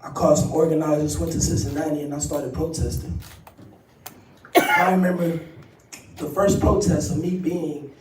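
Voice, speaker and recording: A man giving an emotional public testimony, soft-spoken and halting, with many pauses and ums. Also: on the high side, steady tone. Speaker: activist and co-founder of a group. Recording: distant, roomy livestream audio with faint noise.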